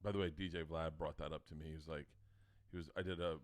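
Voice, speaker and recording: A man co-hosting a comedy podcast, talking loudly and excitedly and laughing often. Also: a bass voice, fast. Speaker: comedian co-host. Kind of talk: casual podcast banter.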